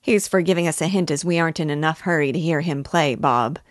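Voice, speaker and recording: A woman voicing a hearty older country squire who speaks with loud patronage, in a read-aloud novel lesson. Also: low voice, quick pace, no echo, clean studio sound, natural voice.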